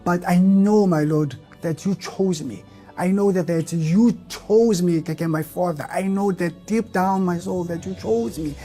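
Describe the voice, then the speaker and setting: A man's voice: sits high, unhurried, dark tone, soft background music. A man giving a personal church testimony, speaking earnestly and with a heavy stutter that repeats the first syllables of words. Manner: earnest, emotional, rising to fervent outbursts.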